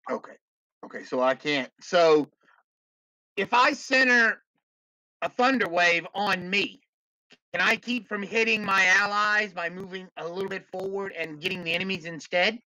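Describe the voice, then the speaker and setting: A man's voice: high-pitched, normal speed, bright, forceful tone, no echo, low-quality recording. A man playing a tabletop game, thinking aloud and checking the rules as he goes. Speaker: player. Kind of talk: casual tabletop game talk.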